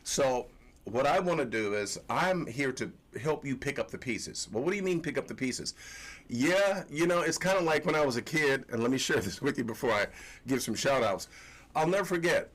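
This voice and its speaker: A man teaching scripture on a livestream in a loose, conversational way. He repeats his phrases, tells stories and talks at an ordinary middle pitch. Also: expressive, normal speed, fairly bright tone. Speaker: host and religious teacher.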